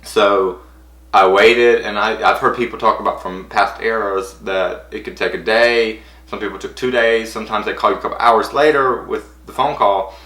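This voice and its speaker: A young man with a bright, forceful voice pitched a little low tells a story for his vlog. He rambles with excitement and keeps stacking "and I was like". The room around him rings with echo. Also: normal speed. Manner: breathless, rambling, acts out quotes in high squeals. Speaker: vlogger.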